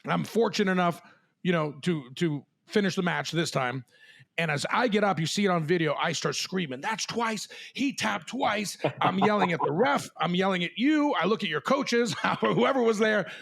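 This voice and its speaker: A man hosting a podcast, animated and laughing as he tells a long story among friends. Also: high-pitched, brisk, gravelly. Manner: animated, swears, laughs while telling stories. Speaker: podcast host. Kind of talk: storytelling in casual chat.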